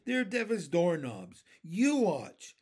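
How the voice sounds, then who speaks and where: A man voicing a loud, boastful male centipede who jeers and shouts insults in a storybook reading. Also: sits high, wildly swooping pitch, slow, slightly rough, full character voice. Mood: mocking. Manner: brash, jeering, shouting insults. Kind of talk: storybook read-aloud.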